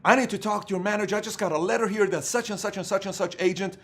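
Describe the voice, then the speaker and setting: A man acting out a furious, panicking branch manager on the phone, indignant and shouting. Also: high voice, fast, pitched above the performer's own voice.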